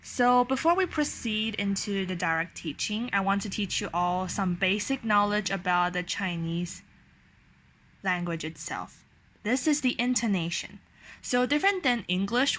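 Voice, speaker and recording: Bright-voiced woman teaching language tones. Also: mid-range voice. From Taiwan. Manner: patient, demonstrating tones with sung-out syllables. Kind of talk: explanatory language lesson.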